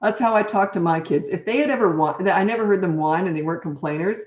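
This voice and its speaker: A woman's voice: fairly low pitch, fast, a little mellow, echoey room. An older woman coaching parents in casual talk, blunt and no-nonsense, often acting out what parents and children say. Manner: blunt, no-nonsense, acts out quoted lines.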